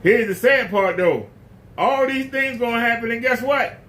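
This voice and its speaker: A man's voice: very high voice, moderate pace, a bit bright. A man preaching a casual sermon in a blunt, emphatic, folksy way.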